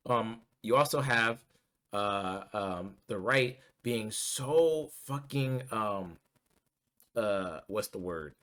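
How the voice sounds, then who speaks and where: A political commentary vlogger rants casually about politics, agitated and swearing, with lots of ums and restarts. His voice sits at medium pitch with a fairly bright tone, and his manner is heated.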